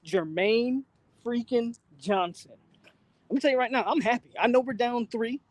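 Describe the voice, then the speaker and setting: A man hosting a live fan reaction stream, out of breath, talking in excited, repetitive slang outdoors in the wind. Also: very high-pitched, moderate pace, no room sound. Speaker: channel host. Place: outdoors, windy.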